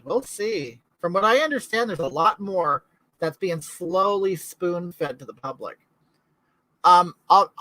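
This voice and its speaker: A man's voice: a little high, pushed and bright, no echo, poor audio. A man from California hosting a casual livestream, chatting to viewers and reading their comments aloud in a gossipy way. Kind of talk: casual chat.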